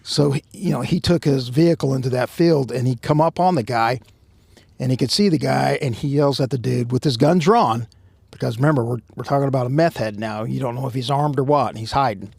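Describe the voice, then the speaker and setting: A man co-hosting a podcast, casually telling a story outdoors at a truck stop and shouting out the quoted lines. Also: mid-range voice, brisk, vocal fry, breathy edge, no room sound.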